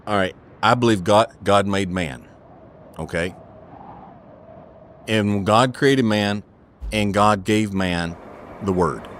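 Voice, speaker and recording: A man's voice: lowish voice, takes it slowly, long pauses, fairly bright tone, a little hiss or hum. A middle-aged man speaking as an interview guest, talking in an earnest and preachy way, repeating his points and asking "okay?".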